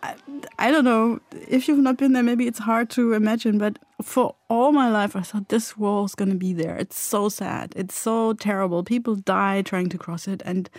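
A woman's voice: mid-range voice, moderate pace, dry recording, clean studio sound. Woman, emotional storyteller. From Germany. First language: German. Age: middle-aged. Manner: emotional, animated storytelling with frequent restarts. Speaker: eyewitness guest. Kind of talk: recollection interview.

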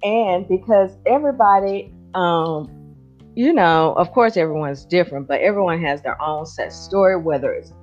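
A woman hosting a podcast, chatting casually and encouraging her guest, often pausing to search for words. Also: fairly low pitch, animated, darkish tone. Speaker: podcast host. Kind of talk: casual chat. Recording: dull lo-fi sound with faint music.

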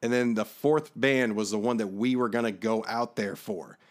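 A man's voice: on the low side, normal speed. A man co-hosting a podcast, telling a long story in a loose, profane, casual way. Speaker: podcast co-host.

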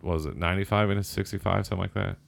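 A man's voice: sits low, steady tone, racing, creaky. A man from Southern Indiana in casual chat, laid-back and rambling as he tells a story.

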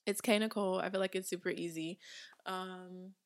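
A woman's voice: on the low side, fairly even intonation, moderate pace. A woman in her twenties hosting a podcast from her home studio, talking casually and emphatically, often laughing. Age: 20s. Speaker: podcast host. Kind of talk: casual chat.

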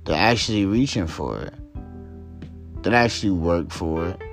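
A man's voice: deep voice, animated, normal speed, creaky, faint music behind. A man hosting a solo talk show, ranting in a heated, profane and emphatic way and hammering his points home by repeating them. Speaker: podcast host. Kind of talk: solo commentary rant.

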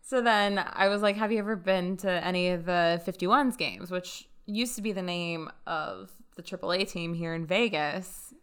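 A woman casually telling a story on a podcast, chatty and animated, acting out what others said. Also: on the low side, moderate pace, hardly any pauses, smooth. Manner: chatty, animated retelling with quoted dialogue. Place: lives in Las Vegas.

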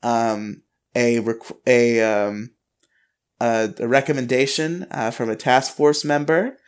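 A man's voice: mid-range voice, steady tone, takes it slowly, smooth. A man co-hosting a podcast, casually recapping an anime episode, acting out lines in a raised voice and laughing often. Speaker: podcast co-host.

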